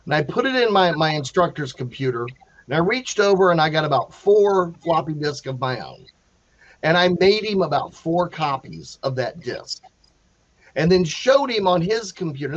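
A man telling a story in a casual, animated way, acting out the quotes with many restarts. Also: fairly high pitch, normal speed, dry recording, muffled recording. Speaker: panel guest telling a story.

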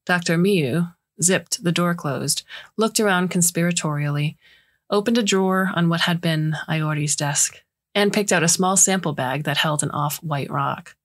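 A woman narrating a science fiction story in a measured, scripted way. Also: fairly low pitch.

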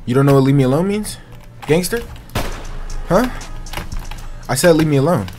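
Young male streamer, lively taunting trash talk over gameplay, faint music behind. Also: on the high side, moderate pace. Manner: trash-talking, taunting, repetitive. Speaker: gaming streamer. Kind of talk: casual gameplay commentary.

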